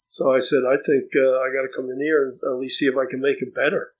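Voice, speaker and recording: An older man from New Jersey recounts his past as an interview guest. He speaks in an average male pitch, thinks aloud and restarts sentences, repeating words as he goes. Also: little pitch movement, fast talker, low-quality recording. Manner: reflective, repeats words when starting sentences. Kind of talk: storytelling interview.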